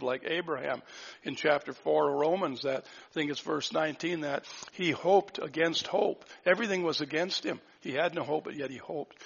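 A man preaching a sermon, earnest and reflective, asking rhetorical questions and often dropping to a soft voice. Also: on the high side, vocal fry, husky. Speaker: pastor. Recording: dull lo-fi recording.

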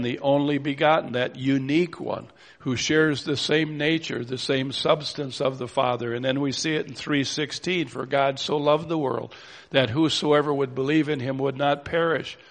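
A man preaching a sermon, explaining scripture in a steady teaching manner and reading verses aloud. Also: mid-range voice. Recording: long reverb of a church hall.

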